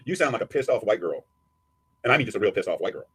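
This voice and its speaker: A man's voice: on the low side, very animated, fast talker, a bit bright, slightly rough, dry recording. A man giving a crude, taunting rant as a streamer answering a critic. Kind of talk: profane ranting commentary.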